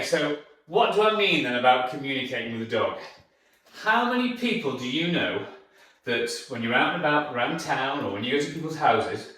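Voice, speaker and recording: Male dog trainer, emphatic teaching tone, fairly high voice, heard from a distance in a very echoey room. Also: a bit bright. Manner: emphatic, repetitive, coaxing sing-song praise to the dog. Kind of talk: instructional talk to camera.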